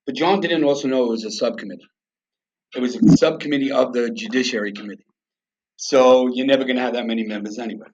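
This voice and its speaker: A man's voice: medium pitch, quick pace, a little mellow, slight background noise. A man from the United States, a guest on a podcast, telling his story bluntly and with swearing. He acts out both sides of remembered conversations in a mid-range voice. The audio is slightly dull and lo-fi. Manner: blunt, profane, acts out quoted dialogue.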